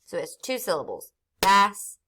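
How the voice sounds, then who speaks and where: A reading teacher with a somewhat low voice guides young children through a phonics lesson. She sounds out each syllable slowly and clearly. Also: very animated, background noise.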